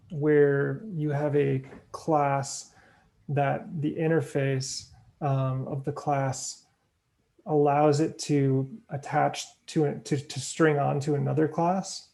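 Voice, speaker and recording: A man in a casual book club discussion on a video call, explaining ideas hesitantly with many pauses. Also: on the high side, level tone, creaky, mellow. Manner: hesitant, lots of ums, explains slowly.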